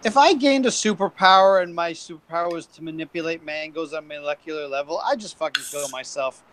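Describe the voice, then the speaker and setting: A man's voice: on the high side, fast talker, a bit bright. A man in casual chat, blunt and joking crudely.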